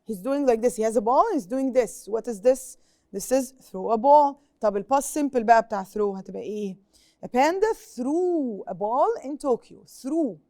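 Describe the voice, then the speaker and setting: A woman's voice: fairly high pitch, animated, quick pace, dark tone, no room sound, clean studio sound. A young Egyptian woman teaching an English lesson on TV, asking pupils questions and repeating each point in Arabic. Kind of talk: TV classroom lesson.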